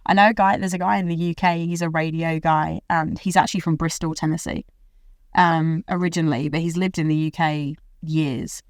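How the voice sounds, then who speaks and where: A woman's voice: low-pitched, steady tone, normal speed, no room sound, clean studio sound. Chatty British woman hosting a podcast. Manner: rambling, chatty, full of likes and laughs. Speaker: podcast host. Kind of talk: casual chat. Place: recording studio.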